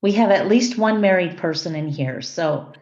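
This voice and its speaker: A woman's voice: fairly low pitch, normal speed, darkish tone. A middle-aged woman giving a conversational classroom lecture and checking in with her students. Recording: echoey, dull lo-fi room recording.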